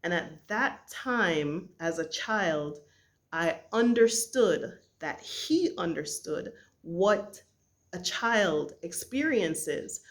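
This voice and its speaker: Woman from Jamaica, middle-aged, reflective storytelling, slow and halting. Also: lowish voice, expressive. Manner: earnest, halting, with many pauses and fillers. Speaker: vlogger.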